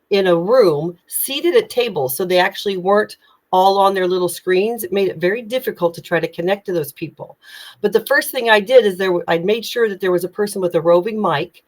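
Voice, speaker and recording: A woman communication coach giving tips in a live online session, speaking with energy, urgency and emphatic projection. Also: lowish voice.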